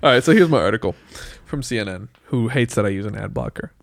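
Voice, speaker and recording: Playful, lively young man in casual banter. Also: fast talker, creaky, background noise. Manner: playful, deadpan refusals, bursts of high laughter. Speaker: podcast co-host.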